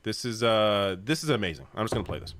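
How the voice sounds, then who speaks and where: A man's voice: on the low side, expressive, fast talker, fairly bright tone. A man reading out news polling and repeating key points emphatically. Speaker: political commentator.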